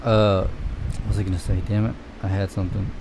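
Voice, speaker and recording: A man's voice: lowish voice, little pitch movement, a little fast. Man, casual chat, cursing and laughing, quotes others in put-on voices, faint hiss behind. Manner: profane, laughing, acts out quotes.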